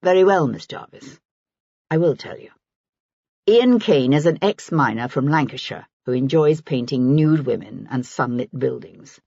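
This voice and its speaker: A reserved aristocratic gentleman with a bland, measured delivery, as a woman narrator puts him on. The voice sits low and husky. The audiobook sound is dull and dry. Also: animated, no room sound, full character voice.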